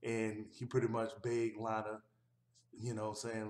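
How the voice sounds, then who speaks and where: A man's voice: fairly low pitch, monotone, unhurried, darkish tone. A man giving a casual, rambling recap of a wrestling show, with easygoing delivery and frequent fillers. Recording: roomy echo.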